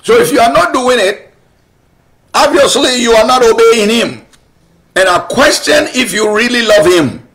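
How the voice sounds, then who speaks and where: A man's voice: extremely high pitch, lively intonation, unhurried, fairly bright tone, slight background noise. A man preaching a sermon as pastor, emphatic and repetitive, asking rhetorical questions and pressing his point.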